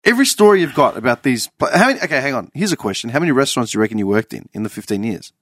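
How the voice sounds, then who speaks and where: A man hosts a casual talk, his voice moving a lot in pitch as he asks pointed questions. The recording is dry and close. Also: sing-song, racing, a bit bright, no room sound. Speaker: podcast host. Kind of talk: casual podcast chat.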